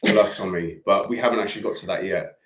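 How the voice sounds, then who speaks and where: A man's voice: low voice, fairly even intonation, quick pace, a bit bright, reverberant, slight background noise. A British man co-hosting a live chat stream, joking and rambling loosely. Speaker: livestream co-host.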